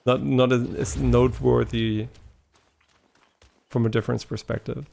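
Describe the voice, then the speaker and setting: A man's voice: medium pitch, level tone, unhurried, vocal fry, darkish tone. A man live-streaming a game, chatting casually with his viewers in a rambling, talkative way and swearing now and then. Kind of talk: casual live-stream chat while gaming.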